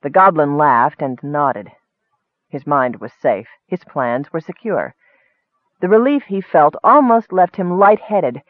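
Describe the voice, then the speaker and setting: A man narrates a fantasy tale in a steady, scripted reading. His voice sits slightly high. The sound is narrow and phone-like, with a dry, close feel. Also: measured pace, no room sound. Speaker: audiobook narrator.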